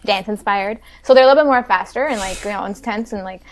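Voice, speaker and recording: A young woman talking as a podcast guest in casual chat, chatty and filling her talk with "like". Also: mid-range voice. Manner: fast and chatty, fills talk with "like". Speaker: podcast guest, Pilates instructor.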